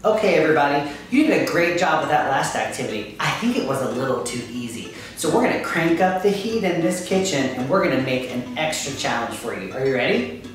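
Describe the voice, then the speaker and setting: A woman teaching a kindergarten music lesson, upbeat and encouraging, chanting words to a steady beat and calling on children to join in. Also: low-pitched, a little fast. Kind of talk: children's lesson, call and response. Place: kitchen. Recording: echoey room, mic far off.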